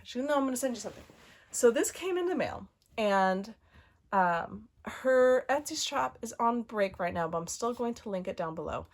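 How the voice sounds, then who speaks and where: A woman's voice: medium pitch, animated, normal speed. Chatty woman vlogger in her thirties, bubbly, talks knitting and yarn, lots of ums. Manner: chatty and bubbly, many fillers and asides. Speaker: knitting podcast host. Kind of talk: casual show-and-tell chat.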